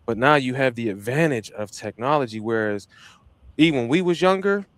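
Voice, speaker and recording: A man's voice: medium pitch, animated, brisk, dry recording. A man hosting a podcast, talking in a hyped, slangy, motivational way and often repeating himself. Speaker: podcast host. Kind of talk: casual motivational chat.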